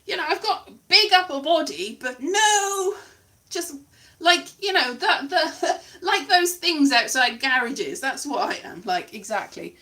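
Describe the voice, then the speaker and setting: Chatty, lively high-pitched woman. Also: a little slow. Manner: chatty, digressive, self-mocking, many restarts and asides. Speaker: solo show performer. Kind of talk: rambling casual monologue. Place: her bedroom at home.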